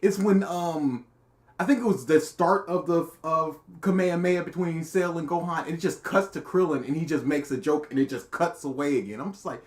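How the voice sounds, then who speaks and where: A man co-hosting a live reaction stream, teasing his partner in casual chat and bursting into loud shouts. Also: fairly high pitch, brisk. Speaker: co-host.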